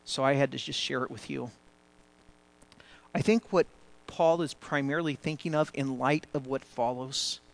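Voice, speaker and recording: A man preaching a sermon to a familiar congregation, earnest and conversational, with frequent restarts, growing louder when he builds a point. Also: mid-range voice. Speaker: pastor. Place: church before a congregation.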